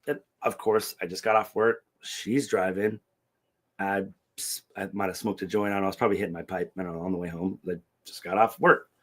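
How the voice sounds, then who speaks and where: A middle-aged man telling a long story in casual chat, animated and profane, acting out the dialogue. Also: deep voice, fairly quick. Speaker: podcast co-host.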